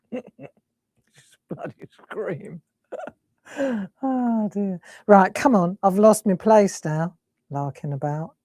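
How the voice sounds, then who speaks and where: A woman's voice: medium pitch, extremely slow, long pauses, warm tone, no echo, clean studio sound. A middle-aged woman hosting a live crafting stream, chatting and giggling as she works. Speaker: crafting host.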